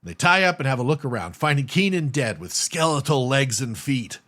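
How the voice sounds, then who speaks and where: A man's voice: mid-range voice, very animated, moderate pace, fairly bright tone. A man co-hosting a podcast, recapping a film's plot in casual chat with wry asides. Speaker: podcast co-host.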